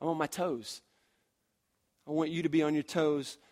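A man in his thirties preaching a sermon, swinging from loud emphatic passages to quiet storytelling, with frequent "and, and" restarts. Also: fairly high pitch, steady tone, normal speed. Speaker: pastor.

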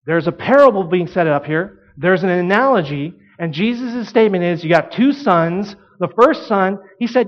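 A man's voice: sits high, expressive, normal speed, few pauses, muffled recording. A man preaching a sermon, retelling a parable and acting out the voices of the people in it. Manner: storytelling, acts out quoted voices. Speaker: pastor.

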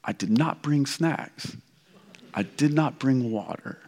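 A man from Kentucky preaching a sermon, telling a story in an animated, rambling, self-mocking way with many restarts. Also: mid-range voice, slow pace. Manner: loud. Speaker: pastor. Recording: reverberant hall.

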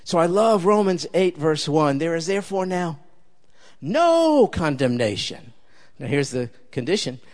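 An older male preacher with a somewhat high voice delivers a sermon. He talks emphatically and conversationally. He keeps turning to the congregation with direct questions. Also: very animated, unhurried, darkish tone.

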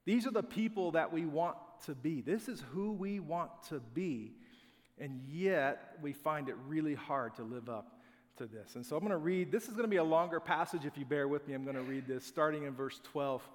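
A middle-aged pastor preaches a sermon at a normal speed, his voice on the high side. He tells family stories in a conversational, self-deprecating way, and the recording carries a long hall reverb.

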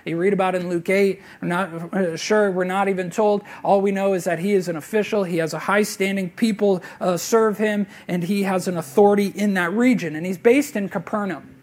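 A man preaching a sermon as pastor, earnest and conversational, rising to loud emphasis and then dropping to a hushed near-whisper. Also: sits high, steady tone, a little fast, hardly any pauses. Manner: conversational, with fillers and restarts.

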